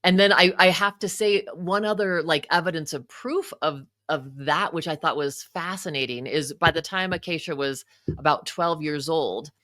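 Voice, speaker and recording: A woman's voice: deep voice, moderate pace, fairly bright tone, no room sound, studio quality. A woman, a psychotherapist and author, telling an emotional personal story in conversation, full of "you know" asides.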